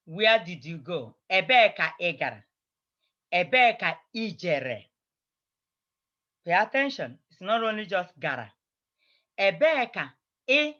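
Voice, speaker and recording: Woman language teacher, bright tone, patient drilling of phrases, dull lo-fi recording. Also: mid-range voice. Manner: drills phrases, repeating each several times. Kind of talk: slow, repetitive language lesson.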